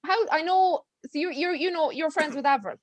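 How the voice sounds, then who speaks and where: An Irish woman hosting a casual podcast, chatty and friendly, quick to agree and jump in with her own thoughts. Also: sits high. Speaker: podcast host.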